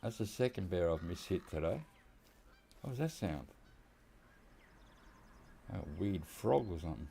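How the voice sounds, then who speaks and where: This low, gravelly, mellow voice belongs to a man with an Australian accent, a gaming YouTuber who talks at an unhurried, animated clip with long pauses. While playing a hunting game he tells rambling stories full of laughs and quoted lines, with a faint hiss or hum present.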